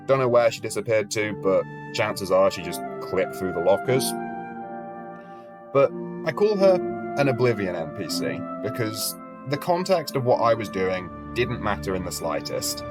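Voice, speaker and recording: A young man in his twenties narrates a travel tale with a wry, self-mocking edge and the odd casual swear. His voice sits on the low side. Clear background music plays beneath him. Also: big pitch swings, moderate pace. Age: 20s. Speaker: travel vlogger. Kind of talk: storytelling vlog narration. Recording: music playing under voice.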